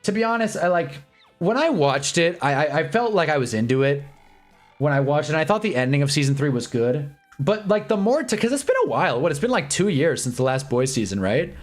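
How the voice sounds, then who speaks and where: A man's voice: on the high side, big pitch swings. A young man hosting a sports watch-along livestream, chatting casually and candidly, rambling and swearing, repeating himself, with faint music behind him. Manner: puts on quick voices for quoted people. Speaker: livestream host.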